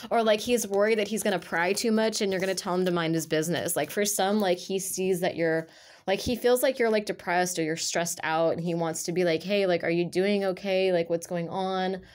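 A woman's voice: lowish voice, fairly quick. A woman giving a casual tarot reading to her viewers, talking in a rambling, chatty way full of fillers. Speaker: tarot reader.

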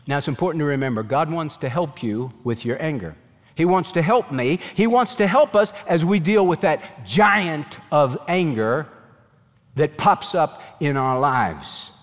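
A man's voice: on the high side, expressive, measured pace, big-room sound. A man preaching a sermon as pastor, earnest and emphatic, raising his voice in pleading questions.

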